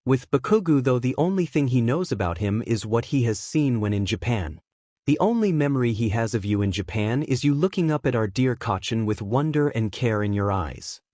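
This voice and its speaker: A man's voice: medium pitch, lively intonation, moderate pace, dark tone, no echo, clean studio sound, natural voice. A man voicing a teasing young male assassin friend in a read-aloud fan story.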